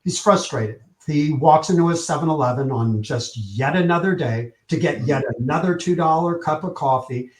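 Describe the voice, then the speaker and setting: Energetic storytelling man, echoey room. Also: on the high side, moderate pace, hardly any pauses. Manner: energetic, acts out quotes with lively shifts in tone. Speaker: publicist, podcast guest. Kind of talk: animated storytelling in an interview.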